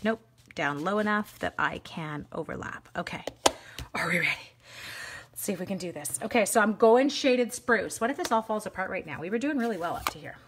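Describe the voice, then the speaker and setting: A bubbly woman talks viewers through her stamping step by step in a casual live stream, her voice sitting at an ordinary middle pitch. She chats freely and greets people by name as she works. A faint hiss of background noise sits under the recording. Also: lively intonation, a little fast. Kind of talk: casual live crafting demo.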